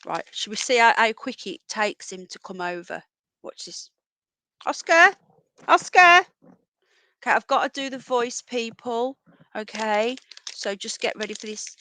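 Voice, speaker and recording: A woman chatting casually to viewers on a home livestream, often calling her pets in a high singsong voice. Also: moderate pace, a bit bright. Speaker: livestream host. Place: home, indoors. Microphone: earphones with mic.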